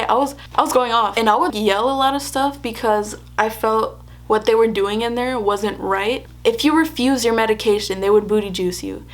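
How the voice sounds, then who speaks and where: Speaking at a moderate pace in a higher-pitched voice, a young woman tells a personal story to camera in her vlog. It's casual and chatty, with plenty of laughter and reenactments of what people said.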